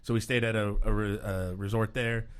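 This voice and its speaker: A man's voice: fairly low pitch, level tone, moderate pace, clean tone. A man co-hosting a podcast who tells a long funny story in a casual, self-mocking way. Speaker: podcast co-host.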